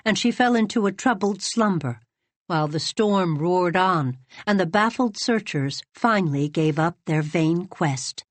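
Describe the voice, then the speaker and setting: A woman with a low voice reads an audiobook, her delivery measured and unhurried. The sound is close and dry, with no room echo. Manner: measured, even storytelling. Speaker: audiobook narrator. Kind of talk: scripted narration.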